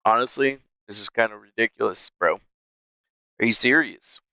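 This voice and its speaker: A man's voice: fairly low pitch, moderate pace, bright, forceful tone, no room sound. A man live-streaming from a small room at home, rambling casually with lots of swearing and laughing to his chat. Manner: rambling, profane, laughs a lot.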